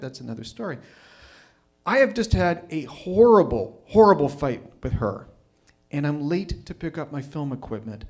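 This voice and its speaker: A man's voice: fairly high pitch, a little mellow. A man telling a personal story at a live storytelling night, wry and self-mocking.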